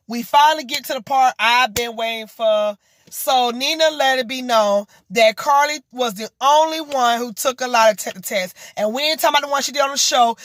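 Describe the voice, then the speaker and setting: Sassy, profane high-voiced woman vlogger. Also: no room sound, clean studio sound. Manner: animated, mocking and exasperated. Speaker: vlogger recapping a reality show. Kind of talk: casual gossip commentary.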